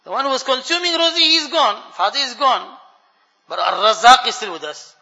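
Bright high-voiced man preaching in a hall. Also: a little fast, creaky. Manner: animated storyteller addressing the congregation as brothers. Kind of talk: storytelling sermon. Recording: dull lo-fi recording with long hall reverb.

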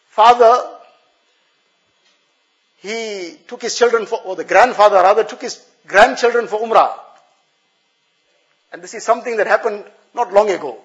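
A man's voice: sits high, muffled recording. A male preacher giving an earnest, explanatory sermon, repeating phrases for emphasis.

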